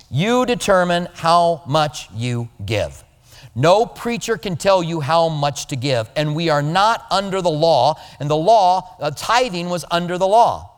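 A male pastor giving a conversational sermon, animated and now and then mimicking other people's voices. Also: high voice, in a large hall.

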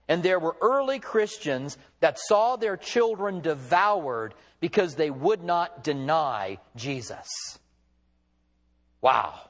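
A man's voice: high-pitched, big pitch swings, slow pace. A male pastor preaching a sermon, retelling the story with quoted dialogue in an emphatic, storytelling way.

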